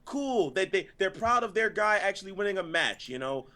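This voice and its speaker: A man co-hosting a casual wrestling review, animated and exasperated, often breaking into laughter. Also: high voice, normal speed. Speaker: co-host.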